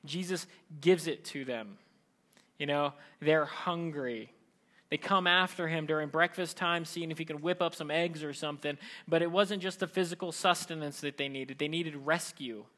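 A pastor delivers a sermon in an animated, conversational way, acting out the voices of the people he quotes. His pitch is fairly high and his pace moderate.

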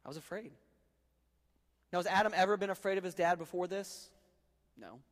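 A man's voice: high voice, fairly even intonation, quick pace. Joking, casual preacher man, hall echo. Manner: casual and joking, talks to the crowd as guys, bro and dude. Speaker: pastor. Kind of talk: sermon.

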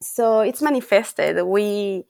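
A woman's voice: mid-range voice, slow pace, creaky, darkish tone, no room sound, studio quality. A woman coach speaking as a podcast guest, earnest and reflective, repeating phrases for emphasis. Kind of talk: podcast interview.

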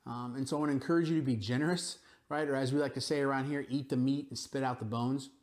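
A man preaching a sermon, telling stories in a relaxed, conversational way with frequent asides to the congregation. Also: medium pitch, quick pace. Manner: conversational storytelling with frequent "right?" and "you know". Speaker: pastor.

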